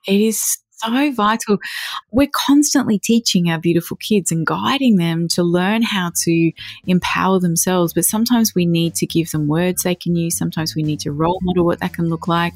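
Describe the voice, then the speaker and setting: A woman giving parenting advice in a podcast chat, gently acting out what parents and children might say. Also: fairly low pitch, normal speed, dry recording. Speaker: parenting expert.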